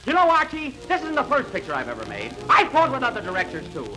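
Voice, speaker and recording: A man's voice: very high-pitched, huge pitch swings, fast, pushed and bright, soft background music. A man hosting a 1940s radio comedy with an indignant, fussy comic delivery. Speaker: comedian host. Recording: noisy old radio broadcast.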